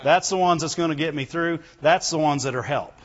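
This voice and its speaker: A man's voice: fairly high pitch, fairly quick. A male preacher giving a fervent sermon to a congregation, calling out for amens and reading scripture in old biblical wording. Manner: fervent, calls out for amens and glory to God. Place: church hall before a congregation. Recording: echoey hall, dull lo-fi sound.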